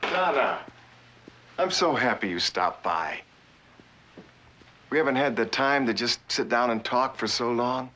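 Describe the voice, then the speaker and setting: An actor playing an overly polite middle-aged father in a TV drama, speaking gently and courteously. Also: mid-range voice, lively intonation, measured pace, pauses often. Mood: gentle.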